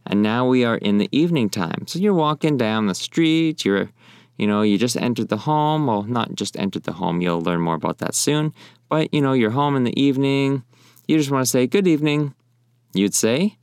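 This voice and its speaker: A young man teaching in a friendly, casual way, often repeating phrases slowly. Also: medium pitch, clean tone, dry recording, clean studio sound. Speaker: language teacher. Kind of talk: casual spoken lesson.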